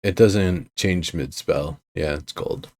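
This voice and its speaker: A man's voice: low-pitched, slow, a little mellow, dry recording, clean studio sound. A man playing a tabletop game as a player, firm and emphatic about his choices.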